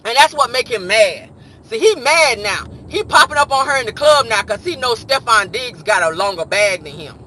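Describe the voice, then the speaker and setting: A man hosting a casual gossip commentary show, sassy and animated, slipping into mock voices to act out the stories. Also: very high-pitched, normal speed, slight background noise. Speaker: host.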